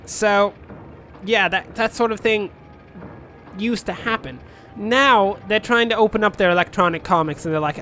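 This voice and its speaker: A man's voice: high-pitched, moderate pace, pushed and bright, soft background music. A man commentating a city-building game in a rambling, jokey storytelling manner. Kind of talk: let's play commentary.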